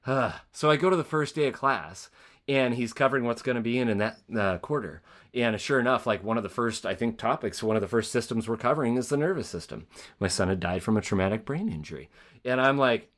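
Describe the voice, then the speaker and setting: Brisk and a bit bright at medium pitch, this man hosts a podcast interview in a conversational style, recounting a personal story earnestly and ramblingly, restarting often. He's from around Spokane, Washington.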